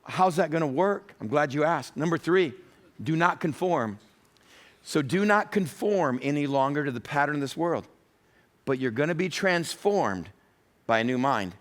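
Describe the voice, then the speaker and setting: A man's voice: on the high side, animated, moderate pace. A middle-aged male pastor preaching a sermon with emphasis, often voicing God's words as quotes.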